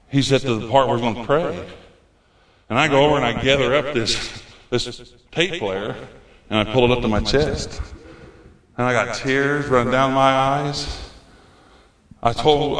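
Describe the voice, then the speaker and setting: Male pastor, folksy storytelling sermon; bright, forceful voice in a reverberant church. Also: medium pitch, moderate pace. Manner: folksy storytelling preacher, acts out his own past words. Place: church sanctuary. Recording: echoey church hall.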